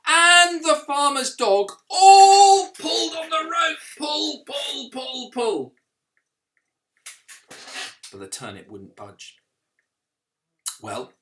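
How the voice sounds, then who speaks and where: Lively vicar telling a children's story. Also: male voice, on the high side. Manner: lively, with sound effects and questions to the children.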